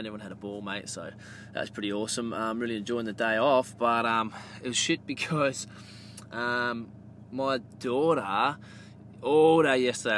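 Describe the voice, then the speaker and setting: An Australian podcast host tells a rambling, swear-filled story in casual chat, calling his listeners mate and getting loud and animated at the punchline. His voice is medium-pitched, with slight background noise.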